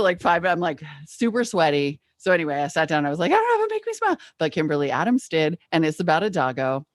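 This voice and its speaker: Lively woman podcast co-host, dry mic. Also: no echo. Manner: animated, laughs often, quick pitch jumps. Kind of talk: casual chat. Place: home studio.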